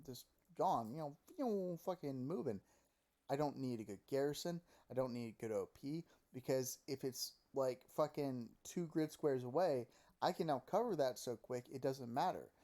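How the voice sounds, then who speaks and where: A gaming commentator delivers a casual, profane opinion rant about a video game, animated and packed with mocking impressions of others. His mid-range voice moves at a normal pace, recorded up close on a desk mic at home.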